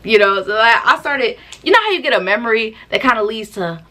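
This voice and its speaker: A woman telling a personal story to the camera in a casual, slangy, animated way, acting out what people said. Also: on the high side, a little fast. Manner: animated, slangy, acts out quotes. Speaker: storytime vlogger.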